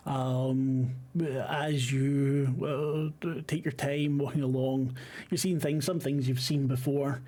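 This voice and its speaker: A man running a horror tabletop game as game master, setting scenes in a halting, descriptive way. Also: medium pitch, flat delivery, mellow. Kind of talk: narrating a horror tabletop game over a call.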